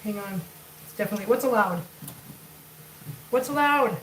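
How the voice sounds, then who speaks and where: A woman's voice: mid-range voice, lively intonation, moderate pace, a bit bright. A woman with a Minnesotan accent chatting casually while she cooks at home on a livestream, laughing often and reading out viewer comments. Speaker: livestream cooking host. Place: home kitchen. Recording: echoey room, distant mic, noisy.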